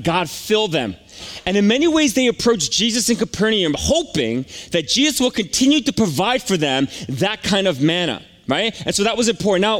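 Pastor guy preaching, kinda higher voice, emphatic and chatty, lots of "right?" questions. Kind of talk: sermon.

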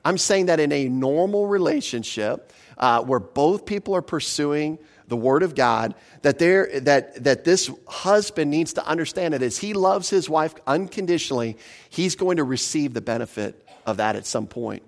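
A man preaching a sermon in a fairly high voice. He talks to his listeners like a conversation, asks them questions, and slows down to stress each verse he reads. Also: lively intonation. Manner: slows for emphasis on scripture. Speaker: pastor.

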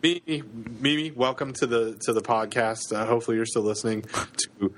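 A man's voice: lowish voice, level tone, a little fast, a little hiss or hum. A man in his thirties with a Canadian accent, co-hosting a podcast in casual chat, with many fillers and restarts. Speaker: podcast co-host.

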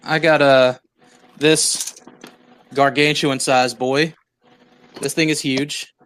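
Bright-voiced man rambling with fillers. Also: medium pitch, little pitch movement, takes it slowly, slight background noise. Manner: laughing, rambling, with many fillers. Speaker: podcast host. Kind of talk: casual chat.

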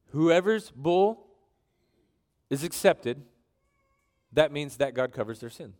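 A man preaching a sermon in an animated, joking way, reading scripture aloud between his asides. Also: fairly high pitch, slow pace. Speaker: pastor.

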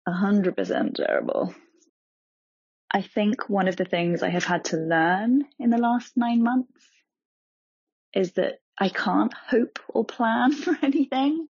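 A woman giving a reflective, measured recorded message. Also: medium pitch, darkish tone, husky, no room sound, highs cut off.

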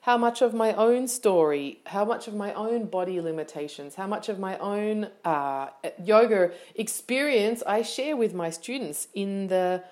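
Lively woman hosting a podcast. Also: medium pitch. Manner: lively, animated, quick asides and self-corrections. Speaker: podcast host and yoga teacher. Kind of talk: solo podcast talk.

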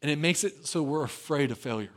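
Animated high-voiced male preacher. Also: fast. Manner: animated preaching, acts out quoted voices, swings from soft to loud. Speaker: pastor. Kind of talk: sermon.

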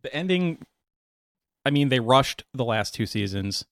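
A man's voice: mid-range voice, a little slow, no echo, studio quality. A man co-hosting a casual talk show, easing into a new topic and introducing a clip. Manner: relaxed, sets up topics and clips. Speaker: podcast co-host. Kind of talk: casual chat.

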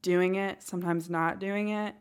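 A woman's voice: lowish voice, steady tone, normal speed, clear, resonant tone. Chatty, giggly Arkansas woman. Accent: Northwest Arkansas. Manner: giggly, chatty, thinks aloud with many fillers. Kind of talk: casual podcast chat.

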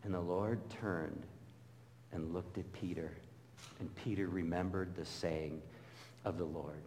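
A middle-aged pastor preaches a sermon in a low voice at a measured pace, pausing often, with slight background noise and long hall reverb. He tells stories animatedly and acts out the voices of the people he quotes.

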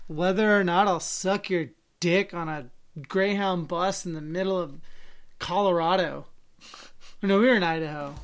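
A woman's voice: fairly low pitch, moderate pace. A woman co-hosting a casual podcast chat. She tells personal stories with blunt candor and throws herself into the lines she quotes. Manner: candid storytelling, acts out quoted lines loudly.

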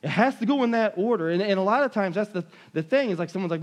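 A man preaching a sermon in a conversational, animated way, retelling scripture stories with quoted voices. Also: high voice, fast talker. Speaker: pastor. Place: church.

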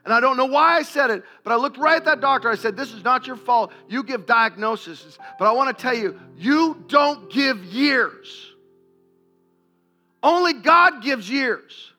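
Tearful happy church lady talking fast and breathless, way higher voice, man doing her. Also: animated, sharp tone, soft background music, heavily acted. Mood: fervent. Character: tearful grateful woman churchgoer, overjoyed.

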